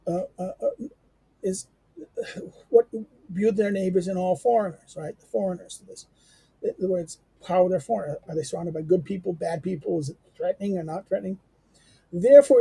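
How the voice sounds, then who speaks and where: A man's voice: high-pitched, gravelly, warm tone, slightly rough, no echo. A man giving an unscripted lecture, rambling and emphatic, with many fillers and restarts.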